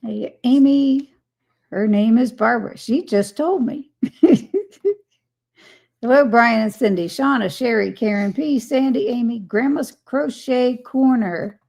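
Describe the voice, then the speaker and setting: A woman hosts a relaxed live chat, greeting each viewer by name and reading their comments aloud. Her voice sits a little high with a gravelly, creaky edge. She talks at an unhurried, slow pace. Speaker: live stream host.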